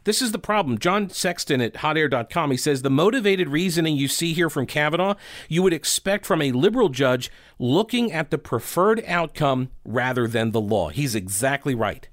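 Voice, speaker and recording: A man's voice: a little high, no room sound, studio quality. A man hosting a talk show, giving opinionated commentary with many rhetorical questions and fillers. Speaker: talk radio host.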